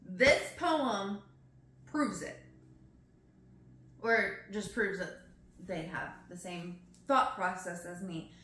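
A young woman reading poems aloud slowly and expressively, breaking off into emotional, chatty asides. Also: medium pitch, sharp tone, a little hiss or hum. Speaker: poetry reader. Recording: roomy echo.

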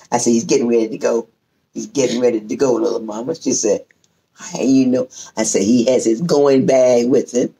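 A woman telling a family story in casual chat, acting out what each person said. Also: very deep voice. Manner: lively storyteller who acts out quoted speech. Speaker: host.

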